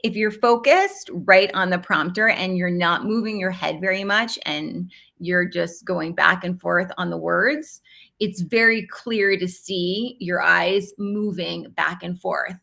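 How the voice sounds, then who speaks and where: A woman's voice: lowish voice, slow pace, sharp tone. Emphatic woman coaching on camera. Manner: clear, emphatic teaching with stressed words. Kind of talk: live online class, teaching.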